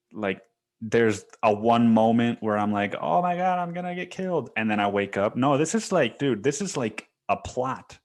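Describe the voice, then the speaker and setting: A young man hosting a podcast, talking alone in a rambling, profane, casual way and saying "dude" often. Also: medium pitch. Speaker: podcast host. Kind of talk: casual solo monologue.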